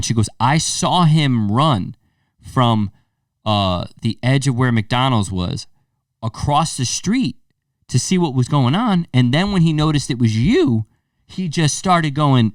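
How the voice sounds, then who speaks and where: A man's voice: medium pitch, no room sound, clean studio sound, far from the mic. A young man co-hosting a podcast, telling a story casually, swearing and acting out what people said. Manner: animated, swearing, acts out quoted lines. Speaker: podcast co-host.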